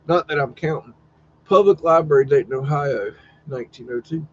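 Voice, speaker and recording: A man's voice: on the high side, normal speed, lo-fi sound, a little hiss or hum. A man hosting a casual live stream, commenting on old photos in a rambling, profane, wondering way. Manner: rambling, profane, wondering aloud, teasing his dog.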